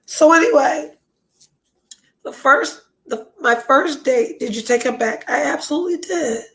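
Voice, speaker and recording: Congested high-voiced woman, emotional podcast host. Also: a little slow, a bit bright, rough recording. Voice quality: nasal, stuffed-up. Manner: emotional, breaks into tears and whispers; blunt, swears freely. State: sick and congested. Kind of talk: casual chat.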